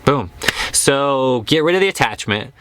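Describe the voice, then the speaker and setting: A man's voice: mid-range voice, expressive, measured pace, fairly bright tone, no echo. Earnest man giving a dry spiritual talk. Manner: earnest, emphatic, repeats phrases for stress. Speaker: yoga teacher. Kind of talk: casual spiritual talk to camera.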